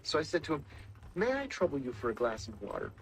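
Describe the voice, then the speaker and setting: A middle-aged man, a former intelligence officer, telling stories in a measured, dramatic way and acting out the quotes. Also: fairly high pitch, wildly swooping pitch. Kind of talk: storytelling interview talk.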